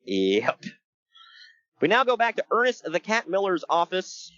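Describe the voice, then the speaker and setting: A man's voice: sits high, unhurried, muffled recording. A man co-hosting a casual podcast, joking and laughing as he recaps a wrestling show. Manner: joking, animated, laughs often. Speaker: podcast co-host.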